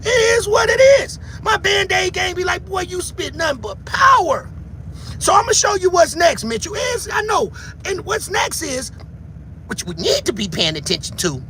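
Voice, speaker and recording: A man giving heated livestream commentary who shouts, taunts his viewers and keeps repeating a catchphrase. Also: extremely high pitch, sing-song, moderate pace, slight background noise.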